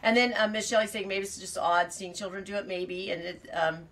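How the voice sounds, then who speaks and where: A woman's voice: mid-range voice, steady tone, brisk, a bit bright, recorded from a distance, rough recording. A woman hosting a farm podcast, chatting casually to live viewers and reading their comments, rambling with frequent restarts and asides. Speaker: farmer and fiber podcast host.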